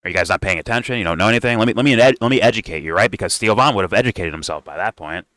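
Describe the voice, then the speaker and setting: A man's voice: lowish voice, animated, very fast, fairly bright tone, no echo. A man hosting a casual reaction commentary, heated, sarcastic and profane. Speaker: political commentator.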